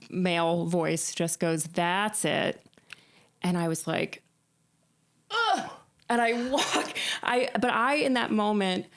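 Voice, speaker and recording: A woman musician being interviewed, telling stories in an animated way, often laughing and restarting her sentences. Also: fairly low pitch, vocal fry. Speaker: musician guest. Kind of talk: casual interview chat.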